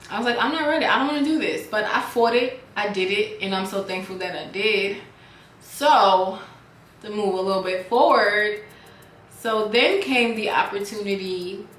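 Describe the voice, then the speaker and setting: A woman talks to her viewers like friends while she does her makeup. Her chat is animated and personal. She is recorded in an echoey room with faint music playing. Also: medium pitch. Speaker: beauty vlogger and business owner.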